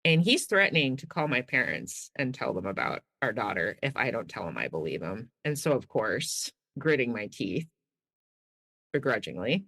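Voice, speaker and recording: A woman's voice: a bass voice, moderate pace. A woman guest telling a personal story in a casual way, acting out the quoted dialogue as she goes. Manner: animated, acts out quoted dialogue. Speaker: guest sharing her story.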